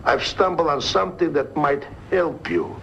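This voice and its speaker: A man's voice: fairly high pitch, big pitch swings, moderate pace, vocal fry, a bit bright, full character voice. An actor playing an urgent man calling with news in an old British film. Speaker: caller on the telephone in an old film. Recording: dull old film soundtrack with hiss.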